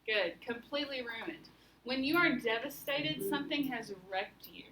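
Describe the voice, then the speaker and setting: High, bright woman teacher in a roomy classroom. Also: lively intonation, normal speed. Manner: questioning, guiding students step by step. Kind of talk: classroom lesson. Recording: roomy, mic at a distance, faint room noise.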